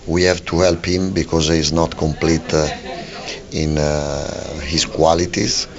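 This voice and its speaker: Slow gravelly-voiced man, halting. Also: a bass voice, a crowd in the background. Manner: halting, many fillers and restarts. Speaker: football manager. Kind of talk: post-match radio interview. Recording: lo-fi radio broadcast.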